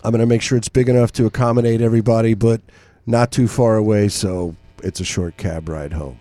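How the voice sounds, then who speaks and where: A man's voice: on the low side, steady tone, fairly quick, dark tone, no echo. A man hosting a casual radio chat show, talking in a laid-back, easygoing way.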